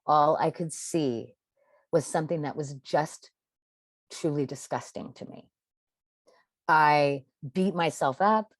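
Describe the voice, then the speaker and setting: A woman's voice: sits low, takes it slowly, pauses often, dry recording. A middle-aged woman, a podcast guest, telling her personal story in an emphatic, confessional way with dramatic stresses.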